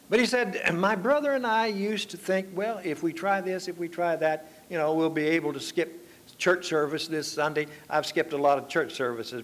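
Older man preaching a folksy sermon. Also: on the high side. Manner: unhurried, folksy storytelling with drawn-out phrases. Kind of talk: sermon with anecdotes.

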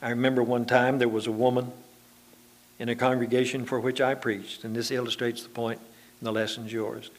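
A man's voice: medium pitch, level tone, fairly quick. A man preaching a sermon to his congregation, telling homely anecdotes in a conversational, folksy way.

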